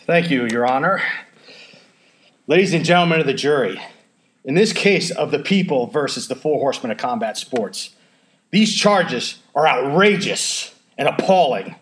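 A man's voice: mid-range voice, animated, moderate pace. A man hosting a podcast, opening with a playful mock courtroom speech before chatting casually. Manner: playful, theatrical mock-lawyer delivery. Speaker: podcast host.

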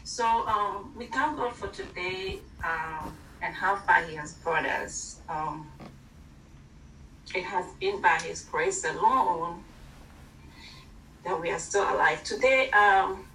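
A woman with an African accent giving an informal online sermon from home, halting, with many fillers and restarts. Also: on the low side, bright, forceful tone, echoey room, distant mic, slight background noise, rough recording. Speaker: church teacher.

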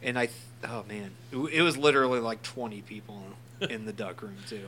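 Bright-voiced guy telling a story. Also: mid-range voice, brisk. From St. Louis area. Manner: storytelling, laughs often, swears. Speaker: podcast co-host. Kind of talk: casual chat.

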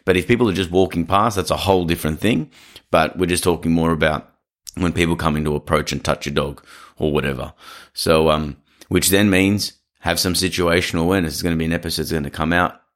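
A man's voice: deep voice, fairly even intonation, fast talker, fairly bright tone. A man hosting a dog-training podcast, giving direct, assertive advice in a casual way and acting out what people say.

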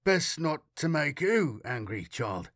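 Casual: guy reading a tense crew leader, urgent and bossy, low and dry. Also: very animated, slow pace, vocal fry, a bit bright, no room sound, full character voice. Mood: wary. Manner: urgent and commanding. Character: shaken male crew leader, adult, tense. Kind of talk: audiobook character voice.

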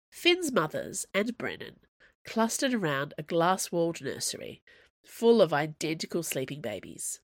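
A woman narrating an audiobook in an even, wry storytelling manner. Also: deep voice, measured pace, no room sound, clean studio sound.

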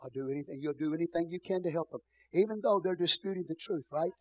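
A middle-aged Texan man preaches, his voice sitting a little high. He drops to soft murmurs and then rises into booming shouts. The sound is close and dry, with little room around it. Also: quick pace, no room sound, dull audio. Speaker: pastor. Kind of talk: sermon.

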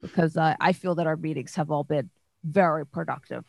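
A flustered, evasive young woman, as a woman game master plays her who hides behind corporate buzzwords. Low-pitched and close, with a dry sound. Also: fairly quick, vocal fry, no room sound. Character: rambling young woman spouting business jargon.

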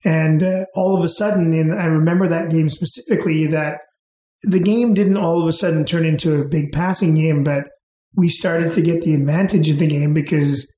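A man's voice: a little high, normal speed. Man telling stories in an echoey room. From England, raised in Canada. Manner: relaxed, rambling with fillers and restarts. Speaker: interview guest. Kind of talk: casual storytelling.

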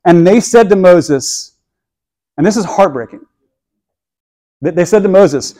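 Earnest male pastor, slightly high voice. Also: animated, unhurried, long pauses, mellow. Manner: earnest, repeats words when stirred. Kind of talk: sermon.

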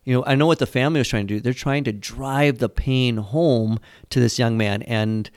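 A man's voice: mid-range voice, normal speed, a little mellow, no room sound, studio quality. A man who is a pastor and catechism teacher, talking in a rambling, storytelling way with frequent fillers in a casual church discussion. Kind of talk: conversational church podcast discussion.

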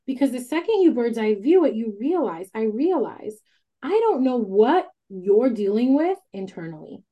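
A woman hosting a candid casual chat, talking emphatically, swearing freely and telling stories in an animated way. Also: on the high side, normal speed, lo-fi sound. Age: adult with a child. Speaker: podcast host.

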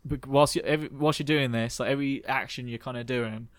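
A man's voice: mid-range voice, steady tone, fast, dry recording, studio quality. Game master, man, mid-range voice, giggly playful narration.

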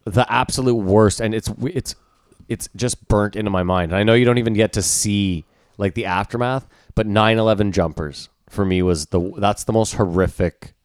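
Man, young, low voice, podcast co-host, swears a lot, animated storyteller, dry close sound. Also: moderate pace, clean tone, no room sound. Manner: profane, animated storytelling with acted-out quotes. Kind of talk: casual chat.

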